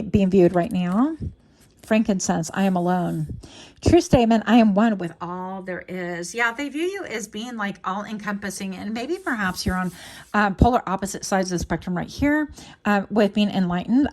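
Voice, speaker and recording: A chatty woman running a casual tarot reading for her viewers. She talks in a lively, playful way, drifting into little asides and jokes as she goes, with a voice that sits in the middle of the usual range. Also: mid-range voice. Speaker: tarot reader. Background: small dog noises.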